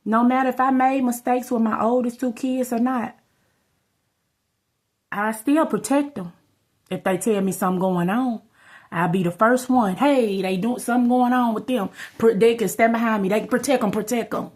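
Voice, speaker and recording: In a vlog, a woman with a fairly high, darkish voice speaks at a moderate pace directly to her viewers. Her storytelling is rambling and casual, and she calls her audience "y'all."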